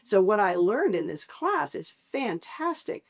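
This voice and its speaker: A woman's voice: a little slow, creaky. A middle-aged woman, a family caregiver, speaking candidly in an interview and acting out voices as she tells her stories. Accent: Southern American. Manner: animated storyteller, acts out quoted voices with big pitch jumps.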